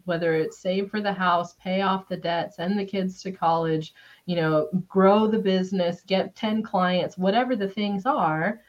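A woman's voice: mid-range voice, a little slow. A woman talking in a casual coaching chat, emphatic, acting out quoted thoughts in a raised voice. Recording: slightly dull lo-fi sound.

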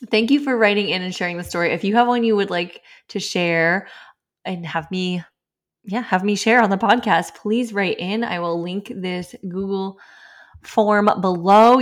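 A chatty woman in her thirties hosts a casual podcast, reading listener stories aloud. She breaks in with lively asides and laughs often as she goes. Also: medium pitch. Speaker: podcast host.

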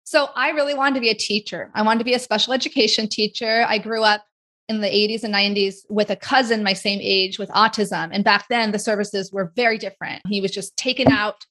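A woman in her forties, a guest in an interview, talking casually and chattily with quick asides. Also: medium pitch, steady tone, sharp tone. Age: 40s.

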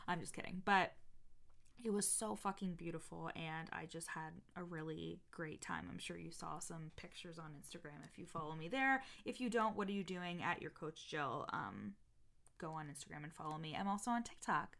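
A woman's voice: on the low side, normal speed, creaky, fairly bright tone. A young woman hosting a casual, unedited podcast, gushing and swearing freely with lots of "like" and "um", her voice a little off today. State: voice a bit off. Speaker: podcast host and coach.

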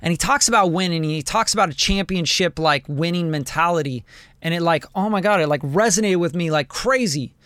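A man in his forties hosting a podcast, giving a blunt, profane, animated motivational talk about a music career. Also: a little high, fairly quick, no room sound. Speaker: podcast host, music producer.

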